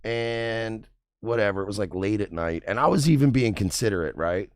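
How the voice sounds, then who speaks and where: Low-voiced man telling a profane story. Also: normal speed, dry recording, studio quality. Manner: animated, profane and exasperated. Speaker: streamer. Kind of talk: casual storytelling to an audience.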